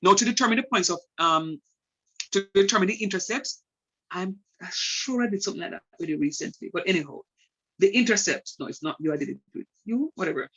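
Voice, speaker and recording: Male maths teacher, bright tone, slightly high, chatty and self-correcting. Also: lively intonation, brisk, husky, highs cut off. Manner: conversational, thinks aloud and corrects himself. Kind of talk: online lesson.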